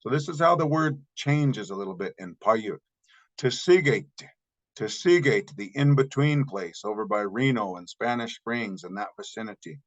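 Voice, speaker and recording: A man teaching a recorded language lesson, slowly repeating example words and explaining the grammar step by step. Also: lowish voice, expressive, poor audio. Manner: patient, slow repetition of example words.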